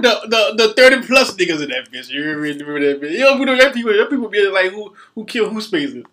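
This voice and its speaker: Man, high voice, bright and lively, casual profane banter. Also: fast talker, hardly any pauses. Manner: animated, profane, laughs loudly often. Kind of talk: casual chat.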